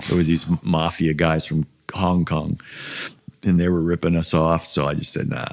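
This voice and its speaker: A man's voice: a bass voice, flat delivery, normal speed. A man in his sixties with an American accent, talking casually as an interview guest, rambling with many fillers and restarts. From USA. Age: 60s. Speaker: guest musician.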